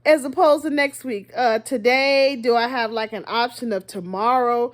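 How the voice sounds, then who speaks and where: A woman's voice: on the high side, moderate pace. A woman vlogger chatting casually to her viewers, laughing often and asking them rhetorical questions. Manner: playful, laughs often between lines. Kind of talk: casual monologue to camera.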